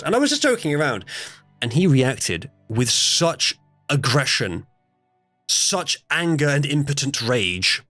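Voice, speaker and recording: A man's voice: on the high side, big pitch swings, unhurried, pushed and bright, faint music behind. A man hosting a casual stream, telling a story in a rambling, hesitant way with many fillers. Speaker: stream host.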